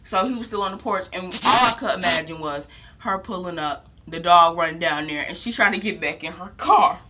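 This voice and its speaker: A young woman casually telling a long story at home, rambling and animated, with lots of "like". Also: fairly low pitch, fairly quick, slight background noise. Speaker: vlogger. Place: home, indoors.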